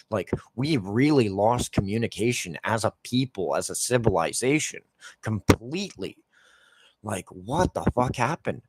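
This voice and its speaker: A man's voice: on the low side, expressive, normal speed, noisy background. A man in his forties, a gaming YouTuber, ranting casually and swearing constantly while he plays. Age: 40s.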